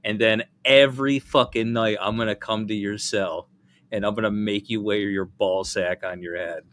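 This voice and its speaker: A man's voice: fairly low pitch, normal speed. A man hosting a casual podcast chat, swearing freely and breaking into laughter. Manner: profane, laughing, animated. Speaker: host.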